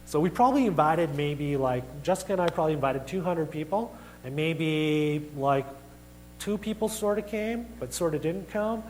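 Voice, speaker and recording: A man's voice: on the high side, animated, normal speed, darkish tone, slight background noise, poor audio. A young adult man giving a sermon as a guest preacher, telling personal stories in a casual, chatty way with self-deprecating humor and acted-out dialogue. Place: church sanctuary.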